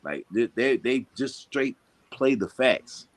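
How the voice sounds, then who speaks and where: A man of average pitch rants on a podcast in a casual, heated way. He swears often, leans on slang and hammers his points with emphasis. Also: takes it slowly. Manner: profane, animated, slangy, emphatic. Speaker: boxing podcast host.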